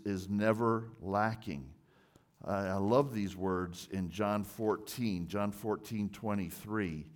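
In a fairly low voice, a man gives an earnest, emphatic sermon as a pastor. Key words get stressed and repeated, and he occasionally trips over the opening of a phrase.

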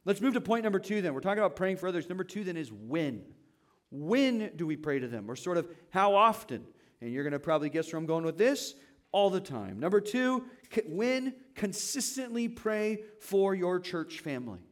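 A man with a fairly high voice delivers a sermon to his church. He talks in a relaxed, conversational way. He keeps asking the congregation questions as he teaches. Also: moderate pace. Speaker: pastor.

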